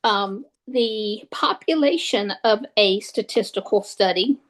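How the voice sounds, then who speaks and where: A woman's voice: mid-range voice, expressive, slow pace, low-quality recording. A woman giving a recorded statistics lecture, hesitant, with many fillers and restarts. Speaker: statistics instructor.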